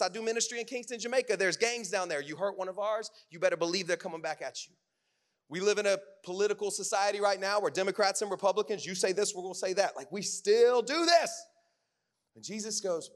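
A man preaching a sermon in a casual, conversational way, full of fillers, swinging from loud bursts to hushed lines. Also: sits high, animated, brisk.

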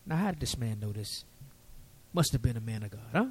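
A man preaching a sermon, lively and folksy with casual asides. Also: medium pitch, brisk, husky.

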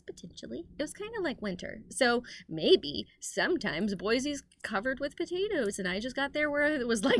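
Bright, lively high-pitched woman. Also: dry recording. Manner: playful, giggly, breaks into loud excited bits. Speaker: podcast co-host. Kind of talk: casual chat.

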